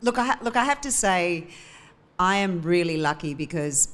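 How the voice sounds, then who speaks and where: An older woman with an Australian accent speaks candidly to a live podcast host. Her voice is low for a woman, and she talks openly and with feeling. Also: animated, moderate pace. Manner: warm, candid, emotional. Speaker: guest.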